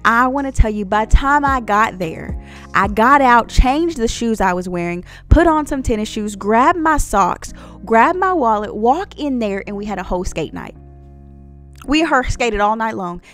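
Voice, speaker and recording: Woman vlogging her faith story, kinda high voice, earnest and preachy, talks right to you, faint music behind. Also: lively intonation, moderate pace, fairly bright tone. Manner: earnest, preachy storytelling, addresses viewers directly. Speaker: Christian vlogger. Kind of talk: personal testimony vlog.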